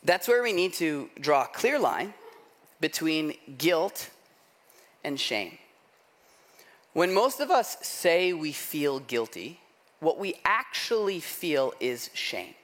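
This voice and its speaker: A man's voice: fairly high pitch, takes it slowly. A man preaching a sermon as pastor, telling stories in a chatty, self-mocking way with lots of "like" and "right?". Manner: animated storytelling with self-deprecating humor; conversational, frequent "like" and "right?".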